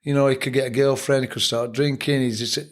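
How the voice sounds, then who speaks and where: A man's voice: medium pitch, fairly even intonation, fast. An older man with a Sheffield accent, a boxing trainer telling reflective, blunt stories as a guest on a casual podcast interview. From England.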